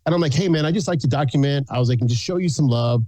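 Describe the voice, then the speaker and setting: A man's voice: mid-range voice, racing, dark tone, no room sound. A man from San Antonio, Texas, telling stories as a podcast guest. He acts out the people he quotes and laughs often. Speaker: guest, food content creator. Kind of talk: casual storytelling in a podcast interview.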